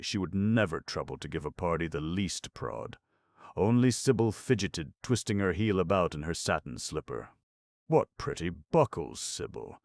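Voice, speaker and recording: A man narrating an audiobook in a measured, ironic storytelling manner. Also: a bass voice, vocal fry, no room sound, clean studio sound. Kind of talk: scripted narration.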